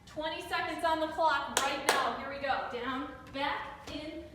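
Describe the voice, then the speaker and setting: A young woman coaches a high-intensity workout, cheering on and counting down reps as she runs short of breath. Her voice sits high and her pace is unhurried between bursts. The mic is some distance away in a big room, so her voice carries a long ringing reverb. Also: very noisy. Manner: upbeat encouraging cues, counting down reps. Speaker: fitness instructor.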